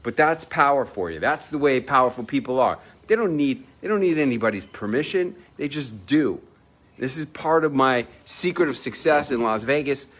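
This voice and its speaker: A man's voice: medium pitch, animated, normal speed, a bit bright. A man, an entrepreneur, telling a personal story to camera in a casual, emphatic, boastful way, swearing freely and acting out the people he quotes. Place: at a villa at sunset.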